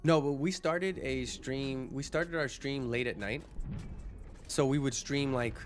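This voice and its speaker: A man's voice: mid-range voice, unhurried, soft background music. A man streaming live, chatting casually with viewers and answering comments in a rambling way. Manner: chatty, rambling, restarts and repeats words while answering chat.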